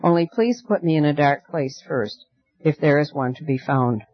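A gentle girl of the night coaxes in a soft, earnest voice, read by a man in a fairly high voice. She is soothing yet firm, and sounds like a storybook reading. The recording is dull and muffled, with no room echo. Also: moderate pace, close to an everyday voice. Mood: coaxing.

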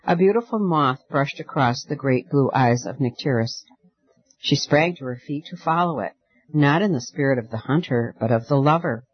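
A man narrating a fairy tale audiobook in a measured, gently expressive reading. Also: medium pitch, slightly rough, no echo, highs cut off. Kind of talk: audiobook storytelling.

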